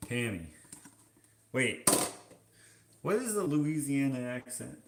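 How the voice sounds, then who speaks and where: Man, from Canada, slow unhurried talk, casual offhand joking, reads viewer comments, echoey kitchen, faint hiss and running water. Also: mid-range voice, very animated. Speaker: vlogger. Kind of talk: casual livestream chat, reading comments. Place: kitchen, washing dishes.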